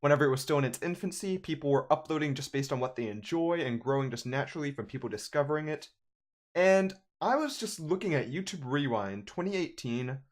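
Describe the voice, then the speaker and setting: A man's voice: on the high side, expressive, a little fast. A young man in his twenties, a gaming YouTuber, ranting in casual, sarcastic commentary.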